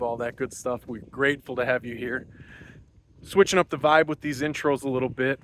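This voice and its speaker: A man's voice: medium pitch, a bit bright, slight background noise. A man hosting a podcast, giving a casual, rambling spoken intro outdoors on a morning walk, a little out of breath. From Wisconsin. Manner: loose, rambling, many fillers. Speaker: podcast host.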